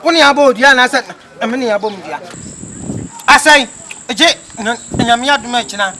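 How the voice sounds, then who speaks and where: A man with a Ghanaian accent acting an excitable man haggling over money in a comedy skit, protesting with quick repeated refusals. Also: extremely high pitch. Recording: noisy recording.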